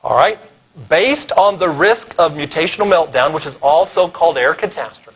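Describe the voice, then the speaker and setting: A man with a somewhat high, husky voice delivers a conference keynote. He is animated and sarcastic, stopping often to ask the room if they follow. The recording is dull and lo-fi. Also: moderate pace. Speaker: keynote speaker. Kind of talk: conference lecture. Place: conference hall.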